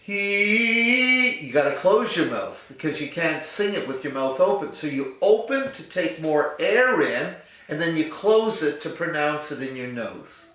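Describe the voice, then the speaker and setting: A man's voice: on the high side, animated, normal speed. A man teaching a singing lesson, patiently explaining and demonstrating vowel sounds. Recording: roomy, distant mic with piano.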